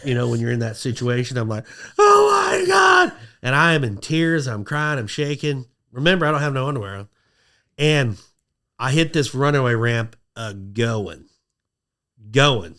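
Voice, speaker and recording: A man telling a long story on a podcast in a casual, lively way, acting out quotes in a high excited voice. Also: normal speed. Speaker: podcast guest.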